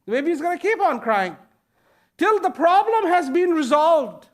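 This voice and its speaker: A man giving a speech to an audience, slow and deliberate, pausing between short phrases and repeating key words for emphasis. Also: very high-pitched, sing-song. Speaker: invited speaker. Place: event at a large international venue.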